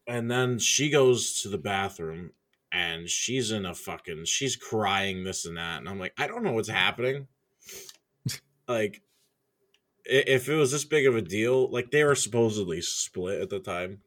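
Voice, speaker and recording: A man's voice: fairly low pitch, animated, unhurried, long pauses, fairly bright tone. A man telling a story in casual chat, laid-back and profane, laughing along as he talks.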